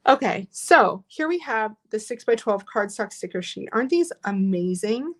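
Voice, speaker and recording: A woman's voice: mid-range voice, expressive, normal speed. Woman, craft class instructor, chatty, encouraging, talks to viewers while working. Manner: chatty, encouraging, reads viewer comments aloud. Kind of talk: live online craft class.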